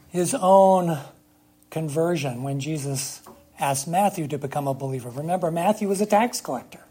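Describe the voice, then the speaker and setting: Husky preacher in a sermon, really slow and deliberate, big pauses for effect. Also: medium pitch, a little mellow. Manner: emphatic, with long dramatic pauses; asks rhetorical questions of the congregation.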